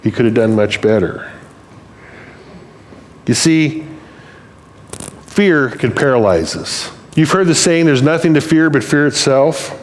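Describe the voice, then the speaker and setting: An older man preaches in a church, telling stories in a conversational, plain-spoken way. His voice is medium in pitch and unhurried, he pauses often, and there's slight background noise.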